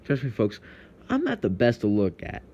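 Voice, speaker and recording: A man's voice: mid-range voice, wildly swooping pitch, normal speed, a little mellow, husky, highs cut off. A young man from Texas with a Texan accent, ranting heatedly to camera in a profane, confrontational vlog monologue.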